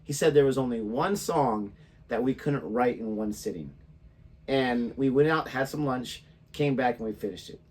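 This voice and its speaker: A man's voice: mid-range voice, normal speed. Easygoing man sharing music trivia. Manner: relaxed, conversational, shares trivia. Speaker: reaction channel co-host. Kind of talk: casual chat.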